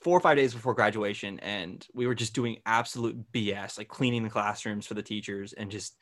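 A man's voice: fairly low pitch, fairly quick, fairly bright tone. A young man hosting a podcast, telling a rambling story in casual chat, full of fillers and swearing. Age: young adult. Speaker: podcast host.

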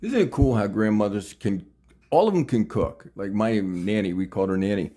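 Talkative man in his sixties, casual interviewer, eager and upbeat, a bit low-pitched. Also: expressive, moderate pace, warm tone, breathy edge. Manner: chatty, enthusiastic, laughs often.

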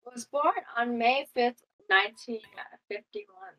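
A woman's voice: a little high, expressive, slow, a bit bright, rough recording. A young woman reading out a true crime case in a casual chat, stumbling over names and laughing at herself. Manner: stumbles over names and words, giggly asides.

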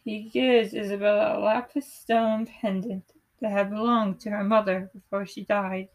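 A young woman calmly reading aloud her own play script, voicing every part in her plain voice. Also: medium pitch, normal speed, rough recording. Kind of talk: unhurried script read-aloud.

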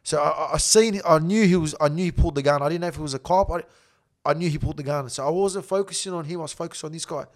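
A middle-aged Australian man telling a story as a podcast guest, blunt and animated, swearing heavily. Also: on the high side, rapid-fire.

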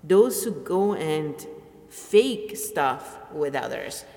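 A woman's voice: sits low, sing-song, drawn-out words, a little mellow, long reverb tail. A middle-aged woman, ranting bluntly and swearing freely in a rambling personal vlog. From Italy. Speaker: vlogger. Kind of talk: personal rant to camera.

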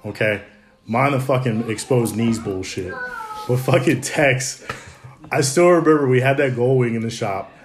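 A man in his thirties hosting a podcast, telling profane, animated stories to friends in his kitchen. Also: medium pitch, moderate pace, music in the background. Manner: profane, animated storyteller who laughs a lot. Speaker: podcast host. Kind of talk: casual storytelling among friends. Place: home kitchen.

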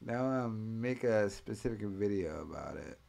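A man's voice: fairly low pitch, expressive, a little slow, gravelly, darkish tone. A man hosting a casual commentary show, rambling and profane, laughing as he talks. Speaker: host.

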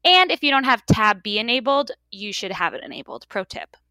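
A woman's voice: mid-range voice, big pitch swings, brisk, sharp tone, no echo. A woman co-hosting a podcast, upbeat and chatty with many fillers. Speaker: podcast co-host. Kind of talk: casual chat.

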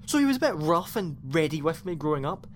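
A man's voice: on the high side, very animated, quick pace, slight background noise. An actor playing a shaken young male spaceship crew member who sounds distraught and defiant.

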